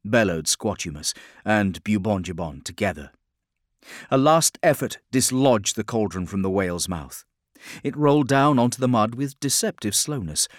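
A man narrating an audiobook in a measured, dramatic storytelling manner. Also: fairly low pitch, dry recording, clean studio sound.

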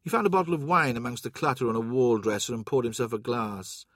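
A man narrating an audiobook in a steady, even storytelling manner. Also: mid-range voice, fast, no room sound, clean studio sound. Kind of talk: scripted narration.

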